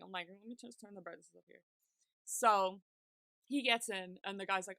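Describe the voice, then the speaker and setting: A woman's voice: mid-range voice, moderate pace, bright, forceful tone, no echo. A woman co-hosting a podcast, retelling TV scenes in casual chat and acting out the characters' lines with frequent laughter. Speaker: podcast co-host.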